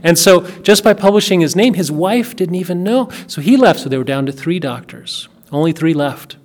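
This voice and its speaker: A man's voice: high voice, animated, moderate pace, a little mellow. A man telling a family story in a casual, earnest way, often repeating words and restarting his sentences. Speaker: speaker recounting a family story.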